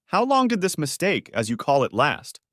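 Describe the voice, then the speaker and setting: A man voicing a betrayed husband who speaks calmly but caustically to his unfaithful wife. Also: on the high side, moderate pace, no room sound, clean studio sound, pitched above the performer's own voice. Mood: cold. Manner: calm but cutting, caustic. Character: betrayed, coldly angry husband.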